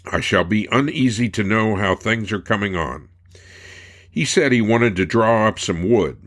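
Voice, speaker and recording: A man narrating, reading old personal letters aloud in a measured, unhurried way. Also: low voice, fairly bright tone.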